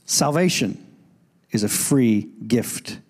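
A middle-aged man preaching a sermon in a church, animated, breaking into loud calls when he quotes. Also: medium pitch, takes it slowly, husky. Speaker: pastor. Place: church sanctuary.

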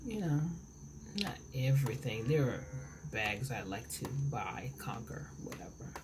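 This forties-aged woman films herself eating at home, talking at a measured pace in an extremely low voice with lively intonation. Her chat rambles and she keeps interrupting herself; background noise comes through the camera mic.

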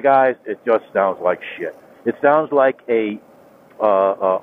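Rambling man riding a motorcycle. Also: fairly low pitch. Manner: rambling, repeats himself, many fillers and restarts. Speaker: motorcycle vlogger. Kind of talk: casual talk while riding. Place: on a motorcycle on a rural highway. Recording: tinny phone-like helmet mic with road noise.

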